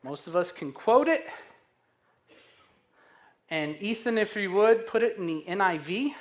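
A man pastor preaching a sermon, slow and emphatic, asking the congregation questions to fill in. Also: high voice, lively intonation. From Missouri.

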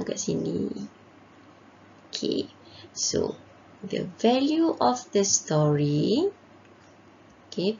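A Malaysian woman teaching a primary school English lesson, slowly reading a story and translating each line, in a patient way. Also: medium pitch, creaky, dull audio, a little hiss or hum. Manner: slow, patient, translates each line and reads quotes brightly.

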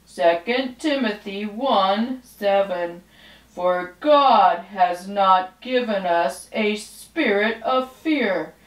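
A woman teaching a children's Bible lesson, speaking slowly and clearly as she leads the kids in reciting together. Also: a little high. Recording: roomy echo.

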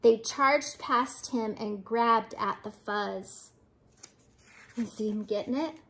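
A woman's voice: fairly high pitch, takes it slowly, a bit bright, slight background noise. An older woman, a grandmother, reading a children's picture book aloud with playful voices for the animals.

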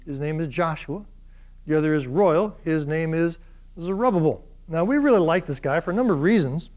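A jokey, fairly high-voiced male lecturer. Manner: jokey and lively, with corny humor and playful quoted voices. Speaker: university Bible lecturer. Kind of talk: classroom lecture with audience participation.

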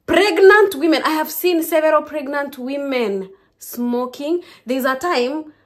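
A young Kenyan woman with a Kenyan accent, chatting to her viewers in a lively, casual vlog. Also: high-pitched, a little slow. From Kenya, Kisii. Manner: lively, keeps addressing viewers as guys. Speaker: vlogger.

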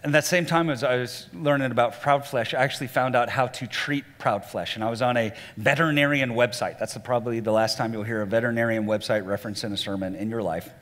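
A man, a lead pastor, preaching a sermon in a church with an animated delivery, sometimes acting out voices he quotes. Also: fast talker, few pauses. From Southern US. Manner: animated, acts out quoted voices at a much higher pitch. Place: church auditorium. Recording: church hall reverb.

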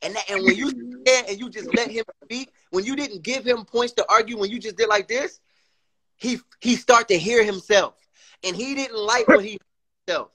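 Brief: excitable host on a call, high pitched, emphatic, quick to laugh. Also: male voice, breathy edge. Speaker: panel host, former battle rapper. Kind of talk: casual chat on a call. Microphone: remote call mic.

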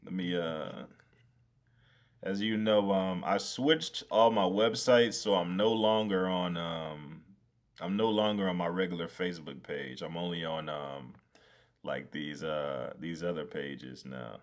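Deep voiced dude streaming his design work, slow easy talk, cusses a lot. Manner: talks to himself, swears freely, frustrated and laughing. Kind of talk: casual live-stream commentary.

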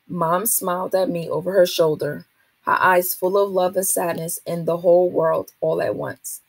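A woman, a teacher, reading a children's novel aloud to a class in a steady, expressive way. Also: fairly low pitch, moderate pace, husky, dry recording.

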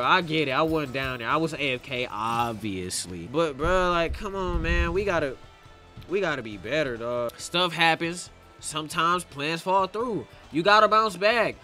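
A young man streaming a game, chatting casually and yelling at his teammates. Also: high-pitched. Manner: trash-talking, breaks into loud yelling at teammates. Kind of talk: casual gameplay commentary.

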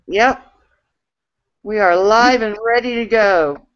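A person with a mid-pitched voice hosts a live video-call Q&A. They keep things moving with brief, amused prompts and questions. The audio comes through muffled and lo-fi. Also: slow pace, fairly bright tone, clear, resonant tone. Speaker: interviewer. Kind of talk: casual interview chat. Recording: dull lo-fi stream audio.

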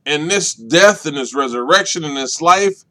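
Emphatic man teaching a Bible study. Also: lively intonation. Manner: deliberate, emphatic, repeats key points; swings between loud emphasis and soft, low delivery. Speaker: minister leading Bible study.

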